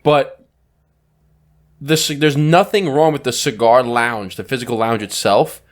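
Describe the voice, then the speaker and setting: A man's voice: mid-range voice, unhurried. A man co-hosting a podcast in casual chat, talking emphatically and swearing freely. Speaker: podcast co-host.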